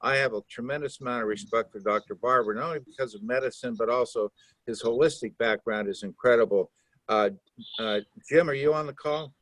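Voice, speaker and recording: A man hosting a conference call, introducing a guest haltingly with many fillers. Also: mid-range voice, fairly bright tone, no room sound. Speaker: host and physician.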